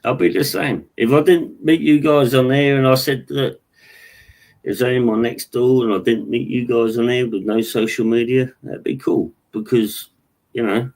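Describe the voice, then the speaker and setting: A man, earnest and agreeable, a little halting in casual podcast chat. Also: medium pitch, fairly even intonation, a little mellow. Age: 40s. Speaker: podcast co-host.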